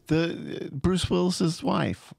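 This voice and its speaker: A man's voice: fairly high pitch, slow, creaky, darkish tone, no room sound. A man co-hosting a casual movie review chat, rambling and hesitant with many fillers and restarts. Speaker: podcast co-host.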